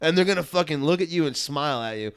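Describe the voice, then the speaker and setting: A fairly high-voiced man tells road-trip stories on a podcast. He swears constantly, talks in an animated rush and slips into mocking put-on voices. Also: fast, smooth. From New York. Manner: profane, animated storytelling; puts on mocking voices in quotes. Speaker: podcast co-host. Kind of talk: casual chat.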